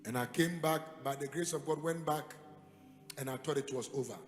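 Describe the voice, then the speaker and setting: A man's voice: a little high, normal speed. Ghanaian man preaching, echoey hall. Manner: dramatic storytelling, bursts into loud emphatic peaks. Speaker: pastor. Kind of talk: sermon. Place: church hall. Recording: echoey hall with music behind.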